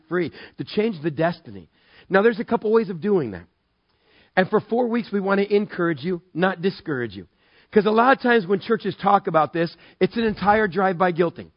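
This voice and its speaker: A male pastor preaching a sermon, telling stories with animated, self-mocking humor. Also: high voice, dry recording, muffled recording.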